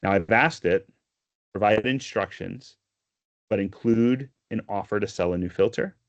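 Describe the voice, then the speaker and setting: Male presenter, deep voice, dry close sound, explanatory demo delivery. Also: unhurried, dry recording, lo-fi sound. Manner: explanatory, steady, with frequent fillers. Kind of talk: software demo walkthrough.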